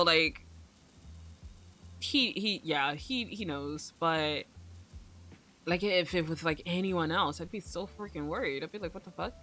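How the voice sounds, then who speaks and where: A woman's voice: sits low, sharp tone. A young woman streaming, chatting casually in a rambling way, swearing freely and laughing often. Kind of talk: casual livestream chat.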